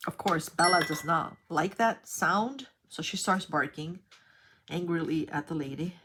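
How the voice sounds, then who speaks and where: A woman from New York with a fairly low, slightly rough voice speaks a little slowly. As a vlogger, she sorts her craft supplies while telling a rambling, chatty story, getting animated when she retells parts of it.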